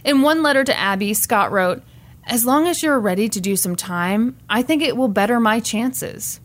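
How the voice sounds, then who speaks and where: A woman telling a story on a casual podcast, and her voice sits fairly high. Her pitch swings widely and she is lively throughout. She drops into mock voices for the people she quotes. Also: normal speed. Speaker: podcast co-host. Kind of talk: casual true-crime chat.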